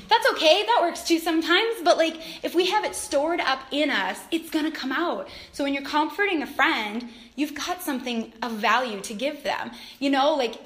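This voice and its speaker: A middle-aged woman with a high, light voice talks in a relaxed, chatty way about faith and family. She laughs easily and brings her stories to life by acting out quotes with animation. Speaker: mother and Christian speaker. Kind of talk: casual faith talk.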